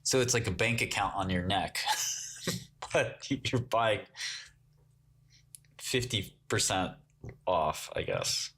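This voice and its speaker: A man in his forties hosts a casual livestream in a lowish, expressive, slightly bright voice with a breathy edge, speaking slowly and pausing often. He jokes with the chat and laughs a lot while keyboard typing clicks in the background.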